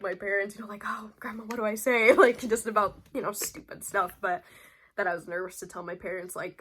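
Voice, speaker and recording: A woman's voice: medium pitch, fairly bright tone. A young woman vlogging casually to camera, rambling with many fillers and restarts. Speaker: beauty vlogger.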